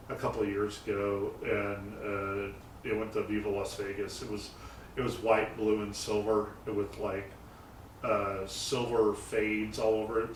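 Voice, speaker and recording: Rambling man in an echoey garage. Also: lowish voice. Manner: rambling storyteller, many fillers and restarts. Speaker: custom car builder and painter. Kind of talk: casual interview talk. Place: garage shop. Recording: roomy echo, mic set far off, faint noise.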